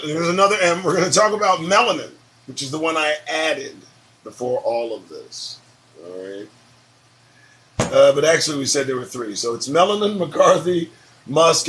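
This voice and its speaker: Guy running his morning talk show, high bright voice, swings up and down a lot, rambly and cussing. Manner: rambling, animated, swears casually, drifts between topics. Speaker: show host.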